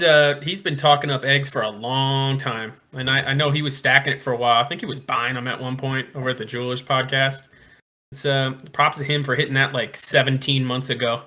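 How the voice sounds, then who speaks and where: A man hosts a laid-back podcast with a bright, forceful tone. He talks in an upbeat, easy way. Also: medium pitch, steady tone, normal speed. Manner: upbeat, pushes likes and subscribes. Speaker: podcast host. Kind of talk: casual podcast chat.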